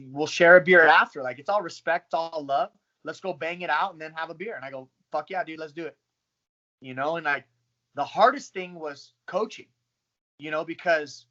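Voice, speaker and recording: A man in his thirties, a professional fighter, telling his story in a casual, profane, animated way. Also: on the high side, highs cut off. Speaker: pro fighter. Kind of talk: casual interview talk.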